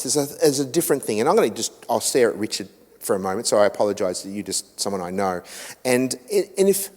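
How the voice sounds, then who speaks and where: A middle-aged Australian man giving a seminar talk to a church group, an animated storyteller who acts out quotes with self-mocking humour. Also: mid-range voice. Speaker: guest speaker on family relationships. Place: church hall. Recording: echoey hall with long reverb.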